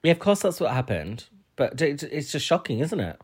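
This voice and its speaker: Yorkshire guy on a chat podcast, deadpan jokes, storytelling vibe. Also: on the high side, brisk, husky. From Huddersfield, England. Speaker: podcast co-host. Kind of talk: casual chat.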